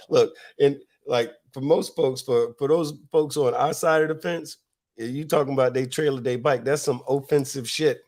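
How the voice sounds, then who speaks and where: A man's voice: medium pitch, steady tone, moderate pace, a little mellow. A man from Florida hosting a casual podcast, telling stories with lots of fillers, restarts and laughs. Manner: rambling, laughing, many fillers. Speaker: podcast host. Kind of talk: casual storytelling chat.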